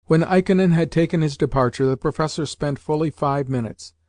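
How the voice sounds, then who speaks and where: A man reading a novel aloud in measured, even scripted narration. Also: a little high, no echo, studio quality. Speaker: audiobook narrator.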